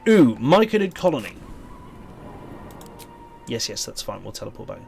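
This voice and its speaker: A Welsh man talks casually to his stream audience while playing, thinking aloud and wandering between topics. His voice sits at a middling pitch, and he fills the pauses with ums and restarts. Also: sing-song, gravelly, darkish tone, soft background music. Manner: chatty, rambling, thinks aloud with many ums. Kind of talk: casual live-stream chat while gaming.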